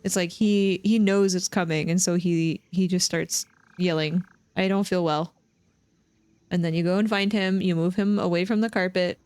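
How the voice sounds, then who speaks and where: A woman's voice: on the low side, steady tone, moderate pace, a little mellow, clean tone, no echo. A woman live streamer chatting casually with her viewers while she plays, rambling and often restarting her sentences. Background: faint game music.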